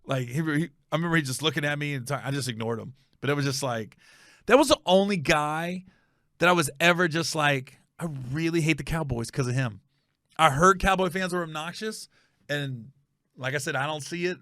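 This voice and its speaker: On the high side vocally, this middle-aged comedian hosts his own show and delivers a loose storytelling monologue, animatedly voicing the people in his anecdotes. It's studio quality with no room sound at all.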